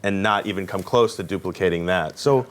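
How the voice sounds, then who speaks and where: A man's voice: low voice, fairly quick. A man answering interview questions, earnest and reflective, often restarting his sentences. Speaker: guest record executive.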